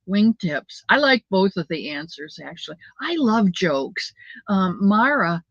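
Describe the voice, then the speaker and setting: A woman's voice: mid-range voice, dry recording. An older woman hosting a casual livestream, chatting affectionately with viewers and reading their comments aloud. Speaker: livestream host reading chat. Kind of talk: casual chat. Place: home. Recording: dull lo-fi dry sound.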